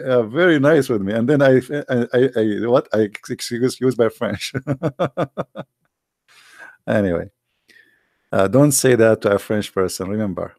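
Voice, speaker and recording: Gravelly-voiced man, non-native English. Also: medium pitch, a little mellow, dry recording, studio quality. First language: not English. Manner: argumentative, repeats himself, halting non-native English. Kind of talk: casual heated monologue.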